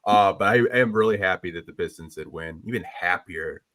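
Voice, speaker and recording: A man's voice: low-pitched, a little fast, a bit bright. A man co-hosting a basketball podcast in a laid-back, rambling style, full of fillers like "like" and "dude". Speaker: podcast co-host. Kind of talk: casual sports podcast chat.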